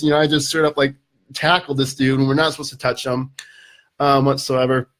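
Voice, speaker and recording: A man telling a story as a podcast guest, casual and animated, with lots of fillers. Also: a little high, fairly quick.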